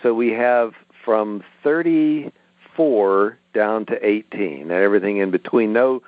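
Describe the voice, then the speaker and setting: A middle-aged man with a lowish voice talks through his writing process in an easy, explanatory manner. He comes through a tinny phone line, and the sound is dry and close with no room echo. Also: measured pace. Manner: relaxed, explanatory storytelling. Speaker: author guest. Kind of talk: interview over a phone line.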